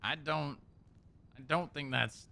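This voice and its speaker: Brief: male roleplay streamer, animated, gravelly, very bright tone, teasing. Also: on the high side, slow pace. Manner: teasing, animated, laughs easily. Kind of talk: casual in-character roleplay banter.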